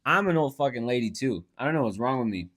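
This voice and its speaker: Lively, swearing podcast guy. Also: mid-range voice, fast talker. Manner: profane, laughs a lot, teasing. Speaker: podcast co-host. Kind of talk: casual chat. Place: Phoenix.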